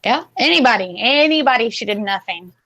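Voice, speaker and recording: A woman guest on a casual live stream, upbeat and quick to agree. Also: fairly high pitch, lively intonation, fairly bright tone, slight background noise. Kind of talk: casual chat.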